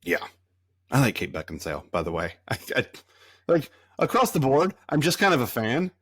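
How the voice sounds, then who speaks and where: A man's voice: mid-range voice, big pitch swings, moderate pace, fairly bright tone, slightly rough. A man from Kentucky co-hosting a podcast in casual chat, joking and sarcastic. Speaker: podcast co-host.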